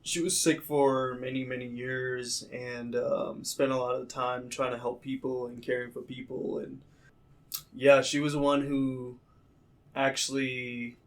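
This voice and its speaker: Relaxed guy on a podcast, coach, chill and laughs a lot. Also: medium pitch, unhurried. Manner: easygoing, laughs often. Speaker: podcast guest, sprint coach. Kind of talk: casual interview chat.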